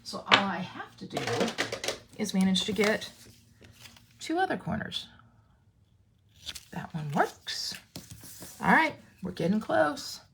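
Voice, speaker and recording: A chatty woman walks viewers through a craft project, her pitch swooping up and down as she talks. She breaks off mid-sentence and restarts, answering her audience as she works. A faint hiss sits under her voice. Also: big pitch swings, takes it slowly, creaky, pauses often, sharp tone. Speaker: craft demonstrator. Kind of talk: live crafting tutorial.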